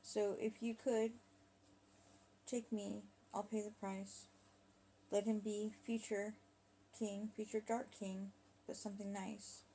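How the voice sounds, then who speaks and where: A woman's voice: medium pitch, little pitch movement, warm tone, slight background noise, voice pushed up. A woman quoting a remorseful praying husband. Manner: earnest, halting prayer.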